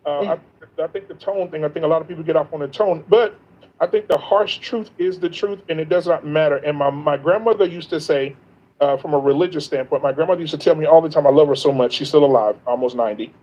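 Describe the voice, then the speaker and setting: Earnest guy on a muffled live stream, mellow voice a bit high, keeps restarting his sentences. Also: quick pace. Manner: earnest, emphatic, repeats himself and restarts often. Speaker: guest on a livestream, content creator. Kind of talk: casual livestream chat.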